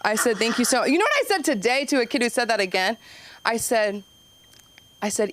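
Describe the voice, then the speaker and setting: A young woman doing open mic stand-up, rambling and self-deprecating, acting out quoted voices with sudden jumps up in pitch. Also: animated, brisk, a bit bright, a little hiss or hum. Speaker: stand-up comedian.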